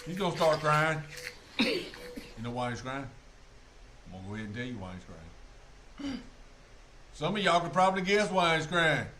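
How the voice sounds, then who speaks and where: Brief: streamer guy, crude jokey reactions, bright, slightly high voice. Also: sing-song, moderate pace, long pauses, slight background noise. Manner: crude, mocking, joking. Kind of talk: casual reaction commentary.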